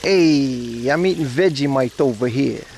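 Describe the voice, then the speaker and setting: A man's voice: medium pitch, unhurried, gravelly, a little mellow, slight background noise. A man voicing a brash, cheerful Australian bloke in a mock Australian accent, as a gag on a livestream.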